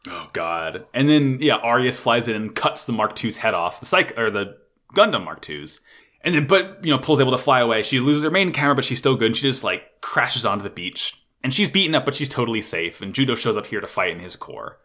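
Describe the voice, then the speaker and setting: A man excitedly recapping an anime episode in casual chat, swearing often and gushing like a fan. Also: medium pitch, fairly quick.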